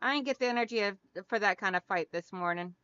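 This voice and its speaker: A middle-aged woman chats on a home craft livestream, greeting viewers by name in a bright, forceful voice with a smooth, crisp tone. The sound is dry but a bit dull and lo-fi. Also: medium pitch, fast talker, no room sound. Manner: chatty, greets viewers by name, calls them hon and girl. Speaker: craft channel host. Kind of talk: casual livestream chat while hand quilting.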